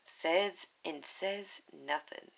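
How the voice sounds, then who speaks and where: A woman's voice: fairly low pitch, extremely slow, vocal fry. A woman reading a picture book aloud to viewers, with chatty, giggly asides. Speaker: storybook reader.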